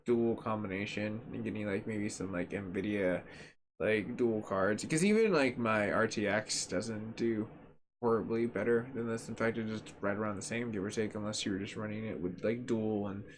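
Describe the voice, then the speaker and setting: A man with a fairly low voice, at normal speed with a bit of hiss or hum, hosts a gaming channel. Testing a graphics card at his home computer setup, he gives rambling, joking, sarcastic commentary full of fillers.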